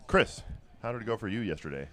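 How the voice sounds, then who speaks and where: A man hosts a live event broadcast first thing in the morning, his voice still gravelly from sleep. He keeps the talk upbeat and chatty and passes the conversation to his co-hosts. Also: fairly low pitch, animated, fast, a bit bright. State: gravelly, just woken up. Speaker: livestream host.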